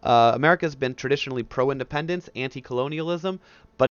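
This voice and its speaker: A man's voice: mid-range voice, clean tone, dry recording. Man, history teacher, casual lecture, dry close sound, dull headset audio. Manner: casual, conversational, acts out historical figures in quick asides. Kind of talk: recorded classroom lecture.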